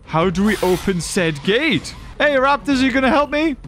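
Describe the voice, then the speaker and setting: A man giving excitable let's-play commentary as a gaming channel host. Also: extremely high pitch, normal speed, faint music behind. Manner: excitable, exclaiming.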